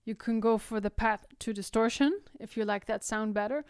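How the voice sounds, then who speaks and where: A woman's voice: on the high side, moderate pace, clean tone, no room sound, studio quality. A young woman with a Dutch Limburg accent, explaining vocal technique in a singing tutorial and often checking in with "right?". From the Netherlands. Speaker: singing teacher. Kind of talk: vocal tutorial with sung demonstrations.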